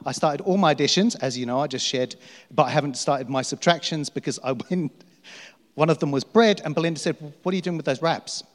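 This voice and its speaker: A man's voice: fairly high pitch, brisk. Man preaching in a reverberant hall. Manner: storytelling, self-mocking and laughing. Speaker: pastor. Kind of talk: sermon.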